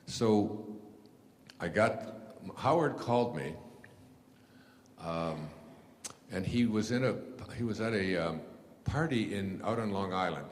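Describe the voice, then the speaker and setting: Man, very deep voice, rambling halting storytelling, fillers, live audience, echoing hall, faint hiss. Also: expressive. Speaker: speaker telling stories to an audience. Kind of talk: storytelling lecture.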